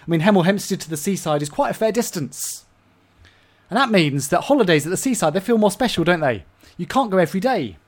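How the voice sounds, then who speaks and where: A man from England preaching a sermon, swinging between loud emphasis and hushed asides. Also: high-pitched, expressive, fast.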